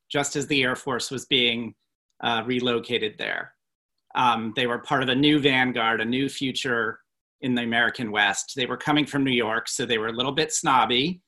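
A man's voice: mid-range voice, pushed and bright. A man being interviewed as an author, answering at length in a fluent, storytelling way. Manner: speaks fluently, with some restarts and fillers. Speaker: author, guest.

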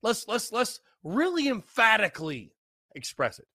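Brief: young guy, tipsy podcast host, lively up-and-down pitch, rambling repeats, dry close sound. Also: moderate pace, no room sound. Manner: rambling, repetitive, loose and tipsy. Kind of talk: casual solo podcast talk.

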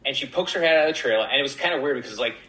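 A man telling a story as a podcast guest in a casual, animated way, acting out the voices of the people in it. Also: medium pitch, racing, reverberant, poor audio. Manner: animated, acts out voices in quotes.

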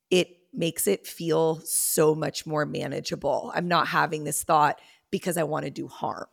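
Gravelly-voiced woman therapist. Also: sits low, steady tone, measured pace. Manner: warm reassuring explanations, frequent "like". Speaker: therapist guest. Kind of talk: casual podcast conversation.

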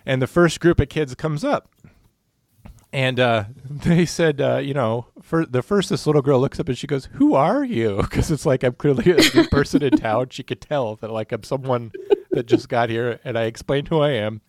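A former police officer co-hosting a podcast tells rambling, jokey stories packed with fillers in a casual banter session. His mid-range voice moves at a moderate pace, captured in a dry, studio-quality recording.

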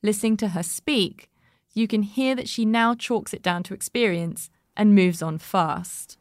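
A woman hosting a podcast, reading scripted narration and asking interview questions in a measured, reflective way. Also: mid-range voice, no echo, clean studio sound. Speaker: podcast host.

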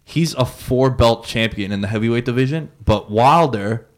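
A man's voice: mid-range voice, moderate pace. A man co-hosting a casual sports chat, slangy and rambling. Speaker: podcast co-host.

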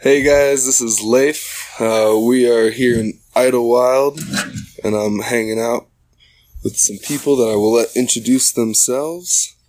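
Slow-talking man interviewing hikers. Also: mid-range voice, fairly even intonation, a little mellow, slight background noise. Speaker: trail correspondent. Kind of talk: casual chat, informal interviewing.

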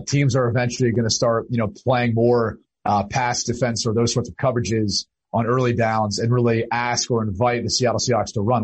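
A man appearing as a football analyst on a podcast, explaining his points in a measured way with many fillers. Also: medium pitch, breathy edge, rough recording. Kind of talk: casual analytical talk.

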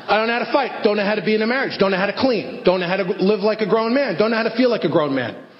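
A middle-aged man doing stand-up storytelling, self-deprecating and animated. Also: high voice, racing. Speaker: stand-up comedian. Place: theater stage before an audience. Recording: echoey hall, dull lo-fi sound, faint hiss.

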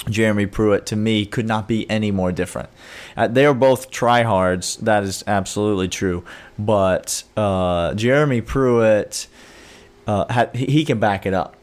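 A man co-hosting a casual sports chat, joking and mock-serious, often rambling with fillers. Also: on the low side. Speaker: sports podcast co-host.

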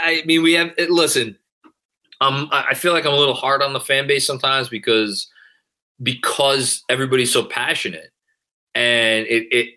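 Guy on a podcast reading fan comments, rambly and excitable, cusses a lot, bright forceful voice. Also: medium pitch. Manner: rambling, animated, swears freely. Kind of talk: casual chat.

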